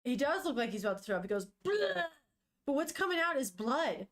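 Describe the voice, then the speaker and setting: A woman's voice: fairly high pitch, expressive, quick pace. A young woman on a casual live stream, reading a manga aloud, chatting with viewers, swearing freely and laughing often.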